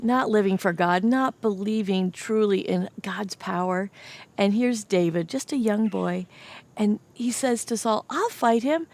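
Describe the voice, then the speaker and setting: A woman's voice: mid-range voice, unhurried, darkish tone. A young adult woman teaching children a Bible story, telling it with animation and asking the kids questions.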